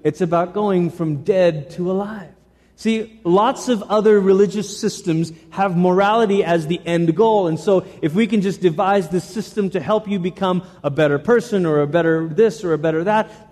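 A man preaching a sermon to his church, animated and repeating phrases for emphasis. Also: high-pitched, in a large hall. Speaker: pastor.

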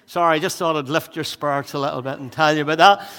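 Breathless preacher in a reverberant hall. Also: male voice, on the high side, fast talker, clear, resonant tone. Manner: energetic, conversational preaching with jokes and asides. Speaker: pastor. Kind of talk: sermon.

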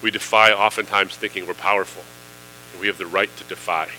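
Low-voiced, bright-toned man preaching. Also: fairly even intonation, fairly quick, a little hiss or hum, rough recording. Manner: conversational preaching with fillers, building to emphatic questions. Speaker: pastor. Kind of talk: sermon.

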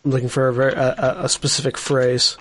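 A man's voice: medium pitch, completely flat delivery, fairly quick, fairly bright tone, slight background noise. A man casually chatting as a player in a tabletop role-playing game, easygoing and explaining things.

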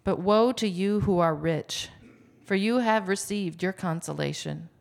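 A woman giving a formal, measured reading of scripture at a church service. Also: mid-range voice, gravelly. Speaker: scripture reader. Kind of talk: liturgical reading.

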